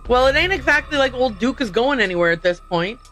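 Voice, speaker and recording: A woman voicing a friendly older male small-town sheriff with a folksy, unhurried way of talking. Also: fairly high pitch, expressive, a bit bright, slight background noise. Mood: casual.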